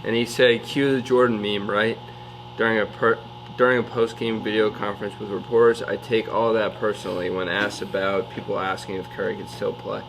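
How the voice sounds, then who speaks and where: Questioning man over steady noise. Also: lowish voice, a little fast, vocal fry. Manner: steers topics, asks short questions. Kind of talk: casual sports chat. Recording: noisy recording.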